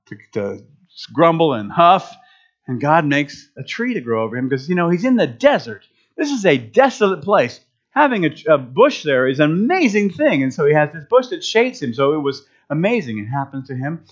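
A man's voice: a little high, a little fast. A man preaching a casual, humorous sermon, often restarting his phrases. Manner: animated, humorous, self-interrupting. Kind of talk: conversational sermon. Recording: dull lo-fi recording.

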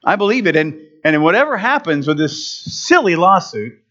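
Animated male pastor preaching. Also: normal speed, lo-fi sound. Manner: animated, jumps into high excited voices for quoted people. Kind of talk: sermon.

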